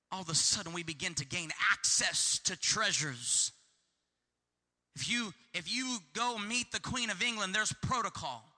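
Impassioned high-voiced preacher man. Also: in a large hall. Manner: impassioned, repetitive, acts out shouted pleas. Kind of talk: sermon.

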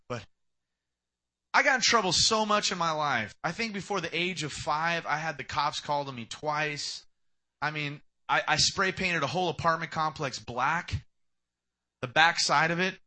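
Young male pastor, sermon delivery, high and very bright voice, emphatic. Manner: emphatic preaching, acts out quoted speakers.

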